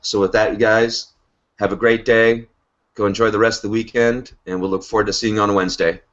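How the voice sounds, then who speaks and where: A man's voice: fairly low pitch, little pitch movement, fairly quick, fairly bright tone. Man giving an emphatic pep talk over a lo-fi call. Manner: emphatic, repeats "okay?" and "right?" for emphasis. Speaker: host of a business update call. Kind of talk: motivational pitch to team members. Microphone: online video call. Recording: dull lo-fi web call audio.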